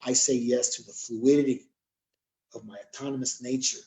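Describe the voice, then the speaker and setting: A man's voice: mid-range voice, fairly even intonation, normal speed, mellow. A man from California giving an emphatic spiritual talk, chanting phrases in rhythmic repetition. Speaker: spiritual drum healer. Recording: roomy echo.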